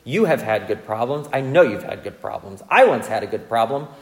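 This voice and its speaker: A man preaching a sermon, telling self-mocking stories in a lively way and checking in with the audience. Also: mid-range voice, a little fast. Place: large church hall. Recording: long reverb of a large church hall.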